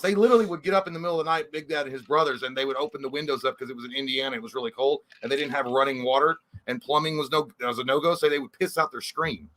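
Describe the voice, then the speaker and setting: A man's voice: mid-range voice, rapid-fire, hardly any pauses, pushed and bright. A man co-hosting a casual livestream chat, telling rambling, profane stories. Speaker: co-host.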